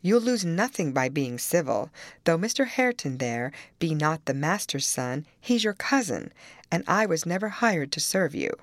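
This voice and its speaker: Calm firm servant woman in a storybook, measured and reproving, read by a woman. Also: sits low, no room sound. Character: plain-spoken older female servant, calm and firm.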